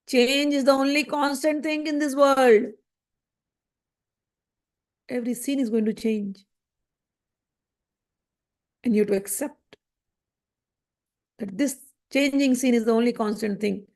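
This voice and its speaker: A woman retelling a spiritual story in a conversational, explanatory way, full of rhetorical questions. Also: sits high.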